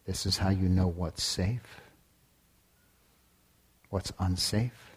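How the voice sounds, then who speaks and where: A man giving a dharma talk as a meditation teacher. He speaks deliberately, sometimes drops to a whisper, and asks the listeners many rhetorical questions. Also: sits low, steady tone, husky. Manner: deliberate, with long pauses, sometimes dropping to a whisper.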